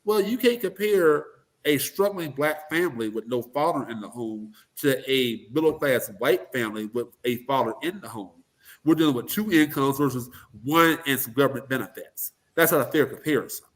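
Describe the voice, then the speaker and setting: A man giving blunt, animated opinions as an interview guest, breaking into mocking voices to make his points. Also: mid-range voice, moderate pace. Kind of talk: casual political commentary.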